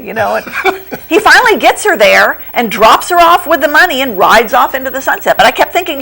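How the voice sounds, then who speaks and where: A middle-aged woman who runs a bookstore, chatting as a guest in a local TV studio interview, animated and quick to laugh as she retells plots. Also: rough recording. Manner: acts out quoted lines in a higher voice. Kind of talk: casual TV interview chat.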